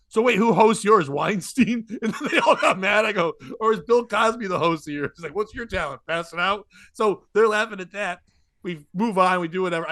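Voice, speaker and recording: A man's voice: high voice, dry recording. A man hosting a casual comedy podcast, telling stories with lots of laughing and acting out the other people's voices. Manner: animated storytelling, acts out voices, laughs often.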